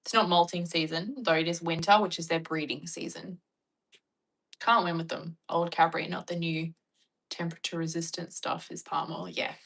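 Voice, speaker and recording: A young Australian woman chatting casually and bluntly with her viewers, joking and acting out animated retellings. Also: lowish voice, moderate pace, gravelly, rough recording. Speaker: vlogger. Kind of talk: casual chat reacting to viewer comments.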